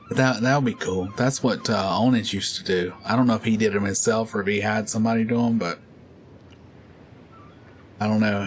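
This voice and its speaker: A man's voice: lowish voice, a little hiss or hum. A middle-aged man chatting casually while playing a game, rambling through stories and laughing often. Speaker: gaming channel host.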